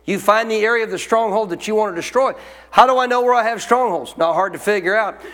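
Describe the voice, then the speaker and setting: A man with a high voice preaches emphatically, firing rhetorical questions at his congregation. His sermon rings out with a long reverb from a large church hall. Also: fast, fairly bright tone. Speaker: pastor.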